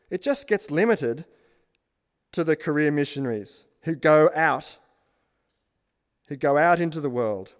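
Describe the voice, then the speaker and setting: A man's voice: on the high side, animated, measured pace, pauses often, big-room sound. A man preaching a sermon as pastor, building emphatic lists and asking the congregation questions.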